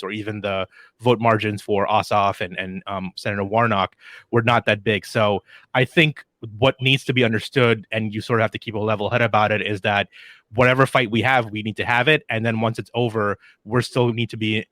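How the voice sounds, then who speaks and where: A man's voice: lowish voice, a bit bright, dry recording. A man as a podcast guest, chatting casually about politics and rambling with many restarts.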